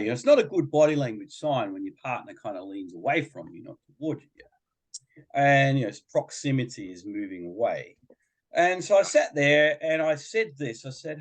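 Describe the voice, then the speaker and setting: A man's voice: medium pitch, big pitch swings, fairly quick. A middle-aged man, telling a chatty personal story as a podcast guest and acting out other people's voices. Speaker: guest, behaviour coach. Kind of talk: storytelling in a casual podcast chat.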